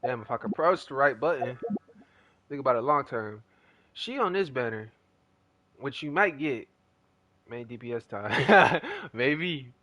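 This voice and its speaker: A man's voice: mid-range voice, lively intonation, a little slow, long pauses, bright, forceful tone, dry recording. A young man chatting casually as a gaming streamer, telling a rambling story in slangy talk.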